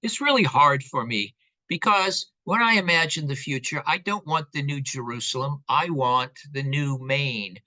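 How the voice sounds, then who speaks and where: A man giving a conversational lecture in a relaxed way, with frequent fillers and asides. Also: mid-range voice, moderate pace, poor audio.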